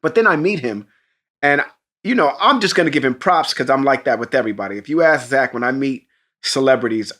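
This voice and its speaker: A man co-hosting a podcast, telling an animated, profane story in casual chat and jumping into excited voices for the people in it. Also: mid-range voice, brisk. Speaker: podcast co-host.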